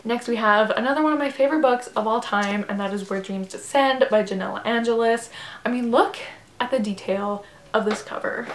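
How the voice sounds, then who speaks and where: A woman's voice: mid-range voice, echoey room. A woman book vlogger gushing over her books in casual chat, full of "like" and "oh my god", at home. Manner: gushing, enthusiastic, lots of "like" and "oh my god".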